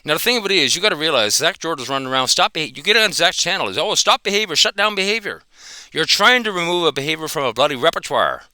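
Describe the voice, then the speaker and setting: A man's voice: on the high side, very animated, very fast, few pauses, pushed and bright, smooth, no echo, studio quality. A man giving an angry, profane reaction commentary, confronting another dog trainer.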